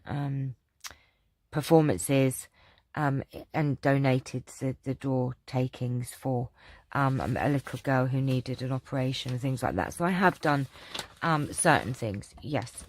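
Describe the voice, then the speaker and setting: A woman's voice: very deep voice, fairly even intonation, unhurried. A woman chatting casually on her craft vlog, rambling with lots of ums and restarts as she answers viewer questions. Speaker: craft channel vlogger.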